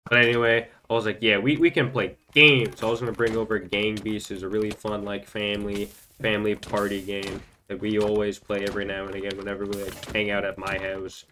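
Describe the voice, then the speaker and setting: A man's voice: on the low side, monotone, fast talker, hardly any pauses, fairly bright tone, a little hiss or hum. A young man telling a rambling story during gameplay commentary, full of fillers and stumbling repeats. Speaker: gaming channel host.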